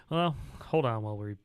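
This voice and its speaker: A man's voice: medium pitch, clean tone, no room sound. Joking male podcast co-host, dry sound. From Utah, United States. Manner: joking, drawn-out teasing delivery. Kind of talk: casual political chat.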